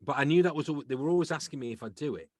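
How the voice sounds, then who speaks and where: A middle-aged English comedian and actor, guesting on a podcast, races through casual anecdotes in a fairly high-pitched voice. He's a lively storyteller who acts out the people he quotes, and the audio has no echo.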